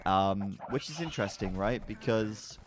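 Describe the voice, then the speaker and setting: A man's voice: fairly low pitch, a little slow, a little hiss or hum. A man casting a strategy game match in a casual, joking way, sometimes stumbling over names. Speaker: esports commentator.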